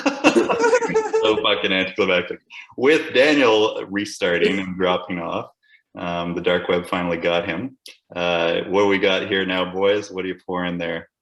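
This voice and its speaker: A man's voice: deep voice, steady tone, moderate pace, a bit bright. A man hosting a casual podcast, joking crudely and swearing freely. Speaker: podcast host. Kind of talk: casual chat. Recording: roomy echo.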